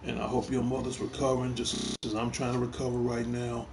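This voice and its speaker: Gravelly man ranting on a stream. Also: medium pitch, completely flat delivery, brisk, very noisy. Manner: emphatic, repeats phrases, heated toward a troll. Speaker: host of a gaming talk show. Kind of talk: casual live stream talk.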